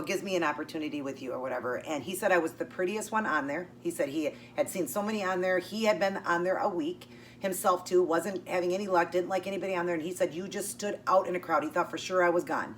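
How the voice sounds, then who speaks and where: A woman's voice: lowish voice, fast. A woman vlogger chattily telling a personal story while eating, acting out both sides of the conversation. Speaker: keto vlogger. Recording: distant mic with faint hum.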